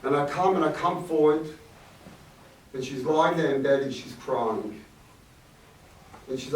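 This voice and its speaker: Pausing often and never hurrying, a middle-aged male rabbi shares a reflective, warmly anecdotal story with an audience, using some Yiddish words. He's mid-pitched and far from the microphone in an echoey hall, where faint noise can be heard.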